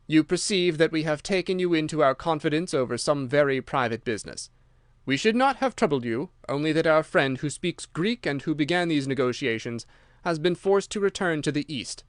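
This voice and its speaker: Guy doing a creepy giggly kidnapper, pushy and loud, clean dry storybook read. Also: a little high, lively intonation, a little fast, no room sound, lightly acted. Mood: menacing. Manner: menacing, raised and emphatic. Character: sinister giggling middle-aged male kidnapper.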